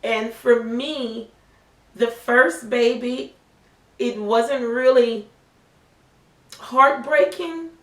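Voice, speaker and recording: Earnest mother with a high voice, roomy and distant. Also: very slow, pauses often. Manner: emotional, earnest, faith-filled. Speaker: mother sharing testimony. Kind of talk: personal testimony chat. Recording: roomy sound from a distant mic.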